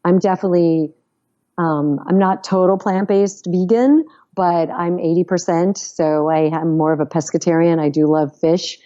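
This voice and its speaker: Mellow woman guest on lo-fi audio. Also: lowish voice, steady tone, moderate pace. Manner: enthusiastic, emphatic praise. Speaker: podcast guest. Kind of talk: casual conversation.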